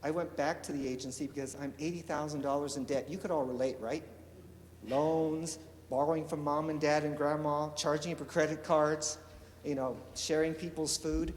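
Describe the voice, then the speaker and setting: A man from eastern Oregon telling a lively business story to an audience, acting out the dialogue. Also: a little high, moderate pace, slight background noise. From eastern Oregon, USA. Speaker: entrepreneur giving a talk. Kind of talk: storytelling keynote speech. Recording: reverberant hall with faint ambience.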